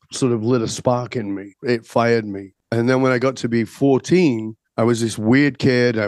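A man in his sixties from Northern England, a podcast guest telling his life story in a measured, reflective way. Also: medium pitch, a little mellow, dry recording, clean studio sound.

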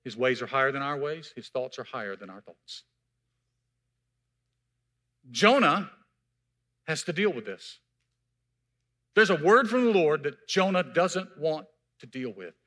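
A man preaching a sermon with a bright, forceful voice that sits a little high. He teaches and retells the story in his own voice, now and then calling out to the congregation. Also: big pitch swings, a little slow, long pauses. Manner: preaching with call-outs to the congregation. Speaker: pastor.

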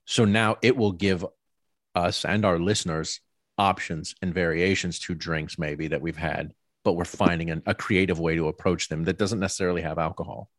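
A man hosting a casual podcast chat with friends, relaxed, swearing now and then and steering the group. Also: sits low, moderate pace, no room sound, studio quality. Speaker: podcast host.

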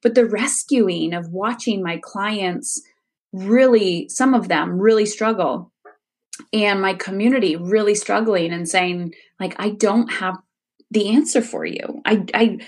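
A woman's voice: medium pitch, measured pace, a little mellow, breathy edge. A woman in her forties, a coach, speaking candidly and reflectively as an interview guest, laughing easily. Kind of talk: casual interview conversation.

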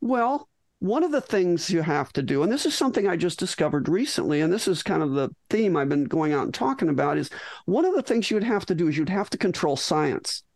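A woman's voice: fairly low pitch, big pitch swings, a little fast, darkish tone, no echo. A middle-aged woman, a physician guest in an interview, tells a story animatedly with frequent restarts and acted-out lines.

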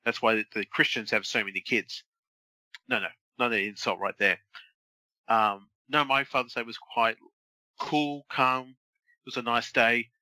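30s guy ribbing his mate on a podcast, really bright sharp voice, dry. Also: mid-range voice, steady tone, unhurried, pauses often, dry recording, poor audio. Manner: teasing, crude banter. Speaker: podcast co-host. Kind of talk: casual chat.

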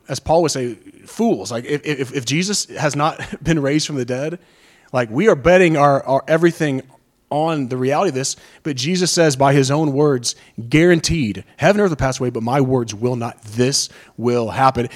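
Guy preaching in church, chatty and passionate, cracks jokes, medium pitch. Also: moderate pace. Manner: impassioned, conversational, joking with the congregation. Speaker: pastor. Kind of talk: sermon.

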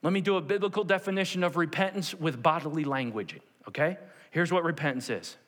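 A pastor with a fairly high pitch speaks fairly quickly as he preaches, sharing a personal story and animatedly voicing its characters while often asking "okay?" The church sanctuary gives a long hall reverb, and there's slight background noise.

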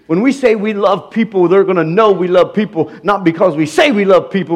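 A man's voice: high voice, fairly quick, few pauses. A male pastor, preaching a sermon with repeated rhetorical questions. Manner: preaching with rising intensity, repetitive rhetorical questions.

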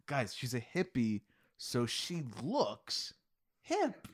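A man's voice: medium pitch, wildly swooping pitch, takes it slowly. A man reading a story aloud and joking with friends, laughing often. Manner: laughing, playful. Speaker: story reader and commentator. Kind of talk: joking group chat.

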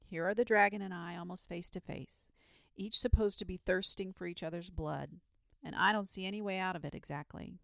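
A woman's voice: lowish voice, steady tone, fairly quick, gravelly, fairly bright tone, no echo. A woman voicing a solemn, old-fashioned knight with a frank, courtly way of talking, in a storybook reading. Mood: perplexed. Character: grave, courtly adult male knight.

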